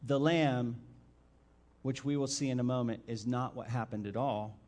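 A male pastor preaching a sermon and reading scripture, asking his listeners direct questions and stressing key words by swinging his loudness. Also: medium pitch, flat delivery, moderate pace. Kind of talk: expository sermon with Bible reading.

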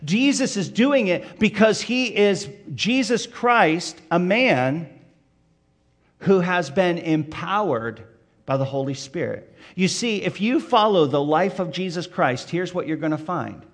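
A man's voice: high voice, animated, measured pace. A man preaching a sermon, addressing the listeners directly with questions and building emphasis on key points. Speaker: pastor.

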